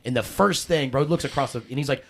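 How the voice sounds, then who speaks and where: A man, a podcast guest, telling a story in casual chat, animated and full of cursing and acted-out quotes. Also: medium pitch, fast talker.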